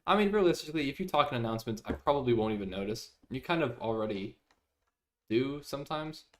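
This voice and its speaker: A man's voice: mid-range voice, lively intonation, quick pace. A young man streaming live, chatting casually with viewers, reading their messages aloud and laughing often.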